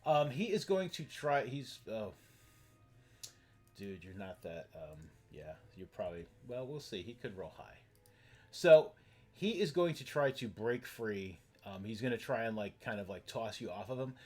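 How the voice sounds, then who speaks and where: A man serves as game master for an online tabletop session. He talks his way through the rules with plenty of ums and restarts. His pitch rises and falls in a lively, sing-song way. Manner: rambling, halting explanations full of fillers.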